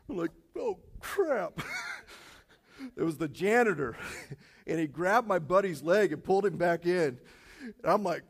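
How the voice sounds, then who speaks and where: A man preaching a sermon, telling a personal story with many fillers and animated storytelling. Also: sits high, unhurried, long pauses. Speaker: pastor. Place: church auditorium.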